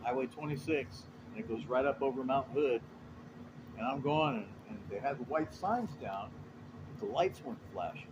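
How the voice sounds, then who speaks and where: A man's voice: mid-range voice, normal speed, noisy background. A man, a truck driver, telling a road story in a rambling, profane, casual way. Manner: rambling, profane, animated retelling.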